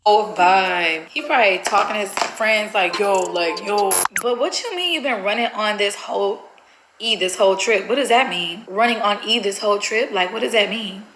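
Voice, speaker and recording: A woman's voice: mid-range voice, normal speed, fairly bright tone, roomy sound, slight background noise, rough recording. A woman vlogger, chatty and nervous, talking to viewers while pulling a prank. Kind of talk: casual vlog chat.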